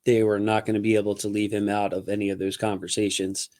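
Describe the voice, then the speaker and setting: A man's voice: fairly low pitch, fast talker. Emphatic man hosting a sports chat. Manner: animated, emphatic. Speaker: podcast host.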